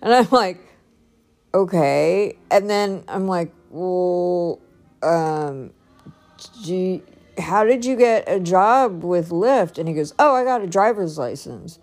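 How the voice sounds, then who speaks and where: A woman's voice: lowish voice, lively intonation, slow, a little mellow. A woman talking casually in a personal vlog, chatty and rambling, laughing often. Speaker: vlogger.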